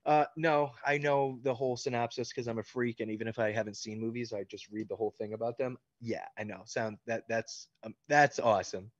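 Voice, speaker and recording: A man's voice: mid-range voice, fairly even intonation, fairly quick, hardly any pauses, no echo. Male author, 30s, casual rambling interview talk; dry, slightly muffled recording. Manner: loose and rambling, many likes and ums, laughs easily. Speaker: author answering fan questions.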